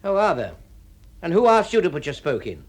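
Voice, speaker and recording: An actor playing a gruff, irritable, penny-pinching husband in a vintage radio drama. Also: male voice, on the high side, sing-song, fairly quick. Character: grumpy penny-pinching middle-aged husband. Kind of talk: 1960s radio drama acting.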